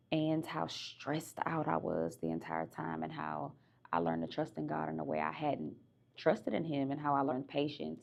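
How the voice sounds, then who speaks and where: A woman's voice: low-pitched, gravelly, a little mellow. A young woman hosting her own podcast, speaking candidly and conversationally as she reflects on her life. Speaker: podcast host. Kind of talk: reflective personal monologue.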